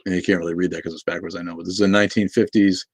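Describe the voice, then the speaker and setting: A man's voice: low voice, level tone, very fast, no room sound. A man from Boston hosting a casual livestream, rambling, swearing freely and answering chat comments. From Boston, New England. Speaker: livestream host.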